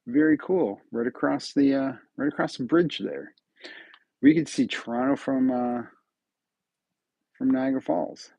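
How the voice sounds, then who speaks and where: A man's voice: mid-range voice, a little slow, gravelly, pauses often, a little mellow, slightly rough, no room sound, dull audio. A man from New York state hosting a live stream, chatting casually with viewers and muttering to himself as he builds. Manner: chats with viewers, muttering to himself between pieces. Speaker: livestream host.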